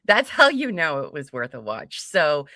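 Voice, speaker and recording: A woman's voice: deep voice, huge pitch swings, moderate pace, sharp tone, no room sound, studio quality. A woman co-hosting a casual livestream, greeting viewers by name with frequent giggles. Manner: bubbly, giggly, reads chat names aloud. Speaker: livestream co-host.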